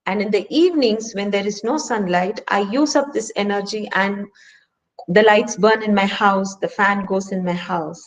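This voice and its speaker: A woman's voice: medium pitch, moderate pace, low-quality recording. A woman with an Indian English accent leading a stress management workshop and speaking earnestly, with emphatic rhetorical questions. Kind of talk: online workshop lecture. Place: home, speaking remotely.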